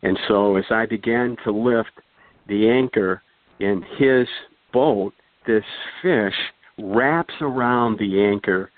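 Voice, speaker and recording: Taking his time in a fairly low voice, an older guest storyteller delivers a long, casual, rambling anecdote full of fillers and restarts. There's no room sound; the audio is dry with a thin, phone-like character.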